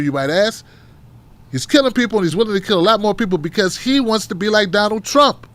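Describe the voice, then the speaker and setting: A man's voice: high-pitched, fairly bright tone, dry recording. A man from Tennessee with a Southern accent, hosting a political talk show in a blunt, profane, mocking style. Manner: fired up, rants with rhetorical questions. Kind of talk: casual livestream commentary.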